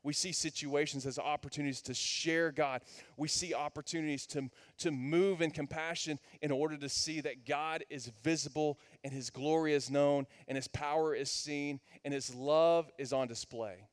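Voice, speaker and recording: A man preaching a sermon to his congregation as their pastor, building to loud, emphatic peaks. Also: fairly high pitch, steady tone, normal speed. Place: church sanctuary.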